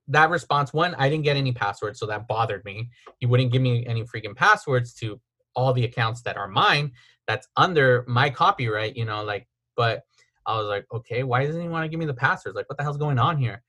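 Casting: male podcast host, mid-pitch, aggrieved casual storyteller, lots of "like". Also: bright, forceful tone. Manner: aggrieved, retelling texts with filler "like".

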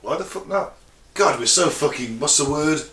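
A man's voice: a little high, lively intonation, moderate pace, a bit bright. A man co-hosting a podcast, bantering in a crude, jokey way, from England. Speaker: podcast co-host. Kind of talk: casual banter. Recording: echoey room.

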